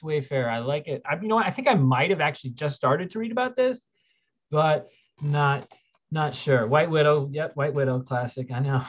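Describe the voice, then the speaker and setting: A man's voice: fairly high pitch, expressive, normal speed. A man hosting a casual livestream, rambling as he reads viewer questions aloud and answers them. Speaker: livestream host. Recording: dull lo-fi stream audio.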